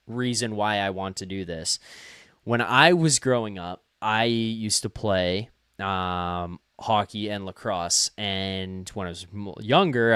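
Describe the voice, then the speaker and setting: A young man hosting a live call-in stream, rambling along in a casual, self-deprecating way. His voice sounds smooth and clear, recorded dry and close with no room sound. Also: lowish voice, a bit bright, no room sound. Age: young adult. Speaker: host of a hockey postgame call-in show.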